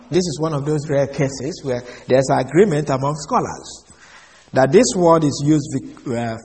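A man giving an expository Bible lesson, measured and explaining Greek words one by one. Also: on the high side, in a large hall. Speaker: Bible teacher.

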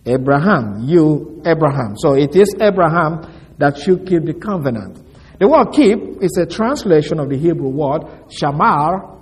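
Slow, lively-pitched male preacher. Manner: slow, deliberate, explains word by word with emphasis. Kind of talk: sermon teaching from scripture.

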